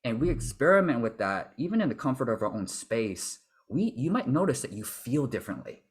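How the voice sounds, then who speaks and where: Husky-voiced man coaching a workshop. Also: mid-range voice, brisk. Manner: animated, acts out voices and impressions. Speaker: vocal confidence coach. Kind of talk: workshop talk.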